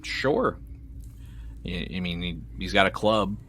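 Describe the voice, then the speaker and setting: A man's voice: low voice, expressive, creaky, a bit bright, a little hiss or hum. A man running a tabletop game as game master, narrating in a laid-back way. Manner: slow, laid-back, laughs easily.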